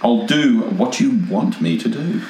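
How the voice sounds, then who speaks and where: An Australian man co-hosting a comedy podcast, joking in a deadpan way and slipping into silly voices. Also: medium pitch, measured pace, echoey room, slight background noise, low-quality recording. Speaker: podcast co-host. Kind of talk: casual comedy chat.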